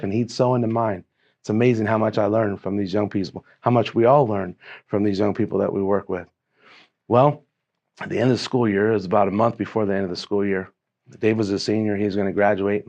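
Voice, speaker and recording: A middle-aged man, a keynote speaker, telling a motivational story and acting out quotes as he goes. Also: fairly low pitch. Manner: animated storyteller, voices quotes. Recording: dull lo-fi sound.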